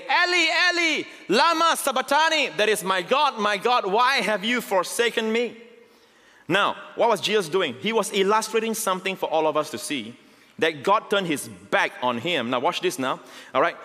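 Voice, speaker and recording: A male pastor preaching a sermon, emphatic and swelling to near shouts, often checking in with the congregation. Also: on the high side. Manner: emphatic, rising to near shouts on key lines; repeats call-outs to the congregation. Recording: long hall reverb.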